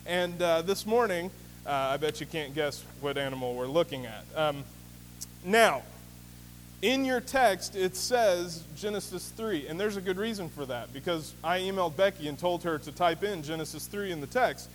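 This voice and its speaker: A man's voice: on the high side, animated, normal speed. A man preaching a sermon as pastor, in a conversational storytelling manner with many fillers. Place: church sanctuary. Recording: reverberant hall with faint hum.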